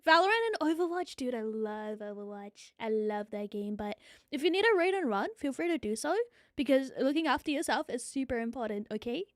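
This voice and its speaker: A woman from New Zealand with a New Zealand accent, chatting excitably on a live stream, a bit out of breath and swearing freely. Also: sits high, brisk, no room sound, clean studio sound. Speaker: VTuber streamer.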